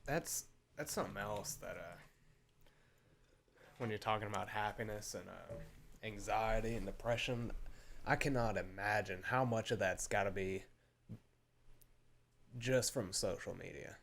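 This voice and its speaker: A man's voice: fairly low pitch, unhurried, gravelly, pauses often, fairly bright tone, slight background noise. A man hosting a casual podcast chat, speaking hesitantly with fillers and short agreements. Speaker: podcast host.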